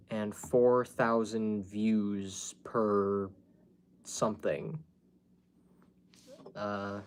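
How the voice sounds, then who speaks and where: A man hosting a casual livestream from home, rambling to his viewers with many fillers and restarts. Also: medium pitch. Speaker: YouTube livestream host.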